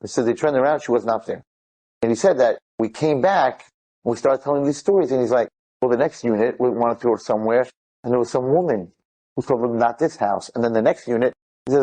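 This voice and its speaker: A man, retelling stories in an excited, rambling way, mixing in Hebrew and Yiddish words. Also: mid-range voice, brisk. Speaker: speaker telling inspirational stories. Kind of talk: animated storytelling talk.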